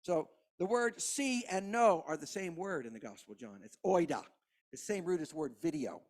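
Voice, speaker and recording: A man, preaching a sermon as pastor, impassioned, with hushed passages and rising emphasis. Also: a little high, expressive, moderate pace. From Kentucky.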